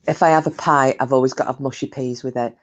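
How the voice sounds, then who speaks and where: A woman's voice: a bass voice, steady tone, fast talker, muffled recording. A woman chatting casually with her live stream viewers, talkative and self-mocking, swearing freely.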